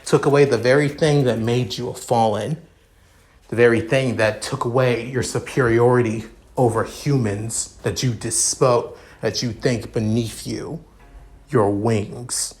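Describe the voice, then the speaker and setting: A man voicing a cool, blunt young prince who talks in a dry, matter-of-fact, rushed way. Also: medium pitch, steady tone, a little mellow, faint music behind, natural voice. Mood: cold.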